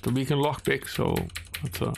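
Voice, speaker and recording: A man's voice: mid-range voice, lively intonation, moderate pace, creaky, slight background noise. A man streaming a computer game, reading its story text aloud with wry, understated comments.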